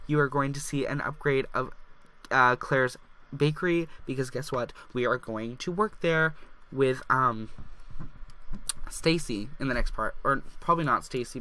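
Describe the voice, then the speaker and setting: With a medium-pitched voice that seems a little off, a young man delivers chatty, excitable let's play commentary full of "like" fillers.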